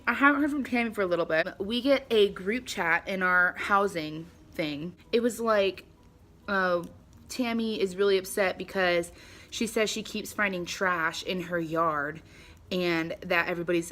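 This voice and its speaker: A woman's voice: mid-range voice, a little slow. Chatty young woman telling a story. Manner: chatty and animated, lots of "like", acts out quotes. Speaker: vlogger. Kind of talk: casual storytime vlog. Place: her home, at a table by the front door.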